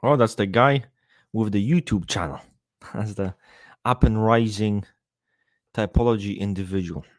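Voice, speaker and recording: A man's voice: fairly low pitch, unhurried, long pauses, no echo, clean studio sound. Swearing man chatting on a livestream. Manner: profane, joking, reads out viewer names. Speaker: livestream host. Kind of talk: casual livestream chat.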